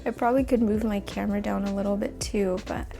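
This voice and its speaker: A woman's voice: medium pitch, steady tone, quick pace, gravelly, mellow, soft background music. A young woman vlogging in casual chat as she repots plants at home, thinking aloud with lots of fillers and coughing now and then from dust, recorded on a phone nearby. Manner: rambling, chatty, thinks aloud with many fillers. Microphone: phone camera nearby.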